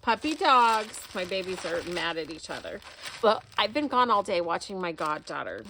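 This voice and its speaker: A woman's voice: fairly low pitch, lively intonation, moderate pace, vocal fry, bright, forceful tone, slight background noise. A woman unboxing gifts at home in a casual vlog, effusive and full of exclamations. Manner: gushing, effusive, many exclamations. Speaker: crafting vlogger. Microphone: camera recording.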